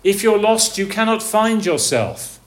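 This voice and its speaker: Male preacher, slightly high voice, slow and earnest delivery, lots of rhetorical questions. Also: big pitch swings. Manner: swings from soft, hushed lines to raised, calling ones. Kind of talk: sermon.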